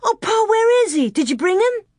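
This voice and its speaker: A reader voicing an eager young pioneer girl, pitched high and excited. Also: normal speed, no echo, studio quality.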